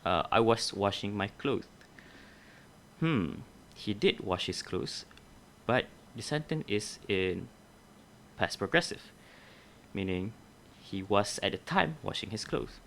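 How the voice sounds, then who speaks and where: A man's voice: on the low side, expressive, slow, creaky, pauses often, a bit bright, a little hiss or hum. A young adult man teaching a grammar lesson, explaining methodically step by step and correcting himself along the way.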